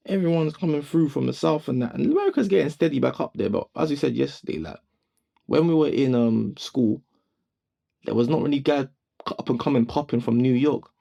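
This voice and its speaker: A young man co-hosting a studio podcast, chatting casually in a slangy, rambling way with quick restarts. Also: medium pitch, very animated, gravelly, mellow, slightly rough. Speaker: podcast co-host. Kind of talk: casual chat.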